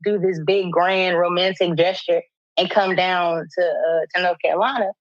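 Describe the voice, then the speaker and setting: A woman co-hosting a podcast tells a story in a loose, casual chat. She is animated and profane and breaks into laughter often. The sound is dull and lo-fi, with a dry, close feel. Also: on the low side, normal speed, no echo. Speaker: podcast co-host.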